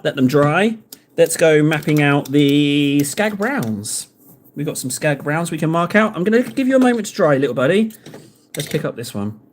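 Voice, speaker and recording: A man chatting casually and rambling in jokes to his viewers while he paints models on a live stream. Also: mid-range voice. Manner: rambling, jokey, talks to viewers in chat.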